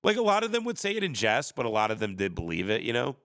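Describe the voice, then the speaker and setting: A man's voice: medium pitch, huge pitch swings, fast, fairly bright tone, dry recording, studio quality. A man in his thirties telling rambling comedic stories on a livestream, sarcastic and full of mocking put-on voices. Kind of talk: casual comedic storytelling rant.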